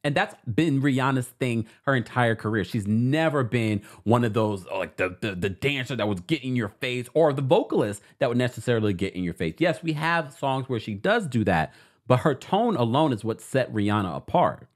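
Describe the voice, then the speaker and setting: A man hosting an entertainment commentary channel, reading out social posts and reacting to them in a casual, animated way. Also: medium pitch, normal speed. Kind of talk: casual commentary with a sponsor read.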